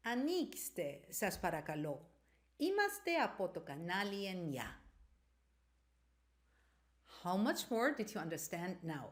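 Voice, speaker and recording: A woman's voice: on the low side, big pitch swings, unhurried, pauses often. A woman teaching a language lesson, explaining carefully and repeating example sentences. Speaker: Greek teacher.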